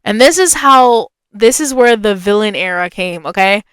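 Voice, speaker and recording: A woman podcast host telling a story in a casual, chatty way. She leans on "like" as a filler and jumps her pitch when she acts out other people's voices. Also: expressive, moderate pace, a bit bright, clear, resonant tone, no echo.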